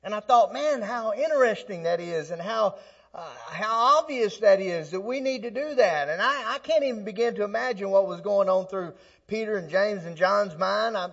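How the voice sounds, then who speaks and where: A man's voice: high-pitched, expressive, moderate pace, fairly bright tone. A man preaching a sermon in a conversational way, stumbling and restarting, then building to emphatic peaks. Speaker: pastor. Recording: slightly dull lo-fi sound.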